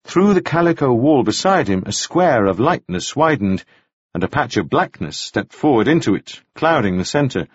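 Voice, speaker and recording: A man narrating a novel in measured, expressive storytelling. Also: medium pitch, husky, dry recording, lo-fi sound. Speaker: audiobook narrator. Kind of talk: scripted narration.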